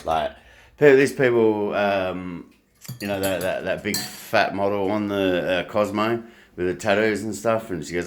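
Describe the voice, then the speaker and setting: A man's voice: fairly low pitch, measured pace. A man vlogging at home, rambling and crude, swearing freely between fillers. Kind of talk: casual rambling vlog monologue. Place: home, while making breakfast.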